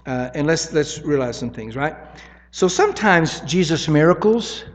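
A male preacher walks through scripture in a relaxed, talky way, pausing to check in with his listeners. His voice sits a touch high, and a long reverb hangs behind it. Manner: conversational teaching, tags points with "right?". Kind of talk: sermon.

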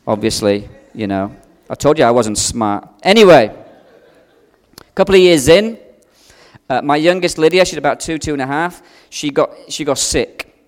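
A man preaching a sermon, telling a personal story with strong swings between loud and hushed delivery. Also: fairly high pitch, animated, moderate pace, big-room sound. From outside America.

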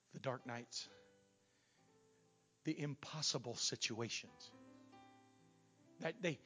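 A man preaching a revival sermon as a guest preacher in a church. He swings from loud shouting peaks down to quiet asides. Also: medium pitch. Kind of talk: Pentecostal sermon. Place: church sanctuary.

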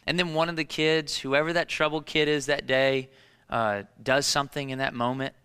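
A man's voice: mid-range voice, fairly even intonation, normal speed, bright, forceful tone, clean tone, in a large hall. A man in his thirties preaching a sermon as pastor, emphatic, repeating key phrases and asking rhetorical questions.

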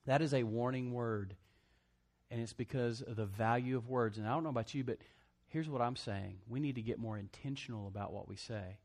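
A brisk, medium-pitched, slightly mellow male voice belongs to a pastor mid-sermon. He prompts the congregation for amens and jokes around by voicing the people in his stories.

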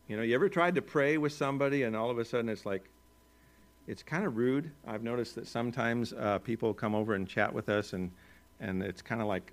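A male pastor with an American accent preaching a sermon in a relaxed, conversational way, with joking asides and chuckles. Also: medium pitch, brisk.

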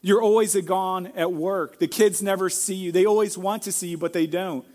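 Earnest pastor with a high voice. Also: male voice, steady tone, moderate pace. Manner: earnest, acts out quoted lines with sudden loud outbursts. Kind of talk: sermon.

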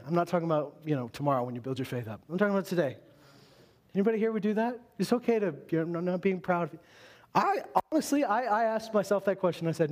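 A male pastor delivering a conversational sermon to a congregation, animated and full of quick asides. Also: high-pitched.

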